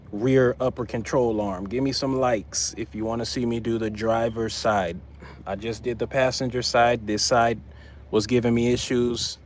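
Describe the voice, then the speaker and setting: Man, mid-pitched voice, chatty mechanic talking through a repair on a livestream, repeats lines for emphasis, faint hiss behind. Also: a little mellow. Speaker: part-time mobile mechanic. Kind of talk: casual livestream talk while working on a car.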